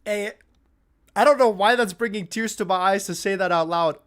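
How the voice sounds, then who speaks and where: A man's voice: sits high, moderate pace, smooth. A young man hosting a live football watch-along stream, chatting casually, swearing freely and getting worked up over the play. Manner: excitable, swears freely, shouts and laughs at goals.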